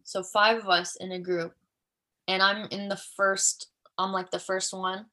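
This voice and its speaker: Twenty-something woman cohost, animated storyteller, does high voices for quotes, bright tone. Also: unhurried, poor audio. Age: 20s. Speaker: podcast co-host. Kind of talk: casual storytelling chat.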